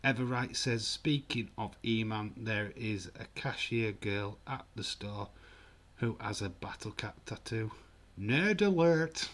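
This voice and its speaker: The Yorkshire host, an Englishman in his forties, sounds on the low side, level, unhurried, and fairly bright. Running a casual livestream, he jokes, laughs often, swears a little, and reads viewer comments out.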